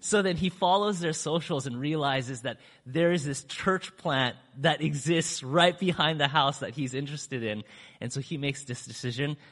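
A man speaking to a church audience, telling a story in a chatty, animated way and acting out what people said with big swings in his voice. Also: normal speed. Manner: acts out quoted speech with big pitch swings; chatty, with fillers and restarts. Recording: long hall reverb.

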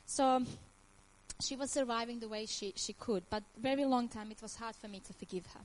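On a rough recording, a Croatian woman in her thirties with a fairly high voice shares her personal faith testimony at a moderate pace. Her nonnative English is earnest and emotional, and she laughs often as she speaks.

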